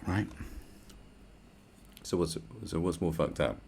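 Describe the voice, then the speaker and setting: A man's voice: low voice, slow, a little mellow, a little hiss or hum. A man, hosting a podcast in a crude, blunt, rambling solo rant full of swearing and sarcasm. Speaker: podcast host.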